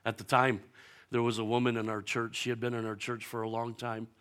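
A male pastor with a bright, forceful voice preaches with slow, emphatic repetition. He tells stories in an animated way, and his pitch and volume jump sharply when he acts out other people's lines. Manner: animated storytelling, acting out quoted voices with big jumps in pitch and loudness. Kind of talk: sermon.

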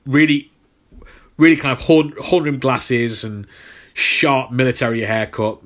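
A man's voice: medium pitch, a little slow. A man co-hosting a podcast in casual chat, rambling with lots of fillers and repeated words. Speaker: podcast co-host.

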